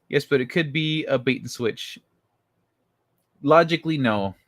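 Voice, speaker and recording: A man hosting a casual livestream, rambling and swearing as he tells stories and answers chat. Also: mid-range voice. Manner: rambling, profane, animated storytelling. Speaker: livestream host. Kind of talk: casual livestream chat reading viewer comments.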